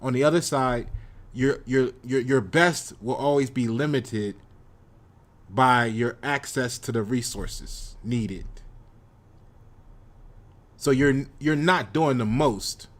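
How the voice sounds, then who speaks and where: American male host, preachy repetitive monologue, middle-pitched voice. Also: slow, long pauses. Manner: lecturing, repetitive, confrontational. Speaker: channel host. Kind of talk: monologue commentary.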